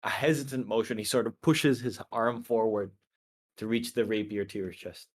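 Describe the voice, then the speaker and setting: Dude running a d&d session, relaxed descriptive narrating. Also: male voice, on the low side, moderate pace. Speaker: game master. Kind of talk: narrating a tabletop game.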